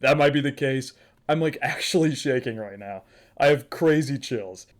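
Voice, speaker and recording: A man's voice: mid-range voice, normal speed. A man giving casual, emotional anime reaction commentary, gushing and repeating himself.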